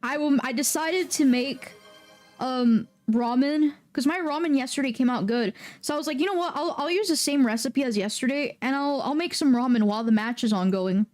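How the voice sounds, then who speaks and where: A woman streaming a game, chatting casually with viewers and breaking into loud, excitable, swearing outbursts. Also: high-pitched, fairly quick, hardly any pauses, soft background music. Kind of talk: casual livestream chat.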